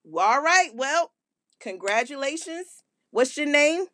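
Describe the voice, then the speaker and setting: A woman voicing a pushy radio DJ who loudly insists and hypes a prize, breaking into shouts. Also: high voice, animated, unhurried, no echo, clean studio sound. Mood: announcing.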